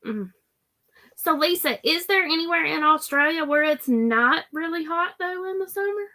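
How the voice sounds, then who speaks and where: Bright-voiced Southern woman hosting a chat. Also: very high-pitched, animated, moderate pace. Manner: chatty, reads viewer comments aloud. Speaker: host. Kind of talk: casual live-stream chat.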